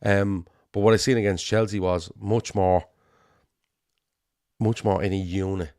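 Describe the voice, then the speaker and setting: A middle-aged man with a Liverpool accent, co-hosting a casual football chat, animated and sweary, rambling with restarts. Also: sits low, a little slow, no room sound, studio quality. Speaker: podcast co-host.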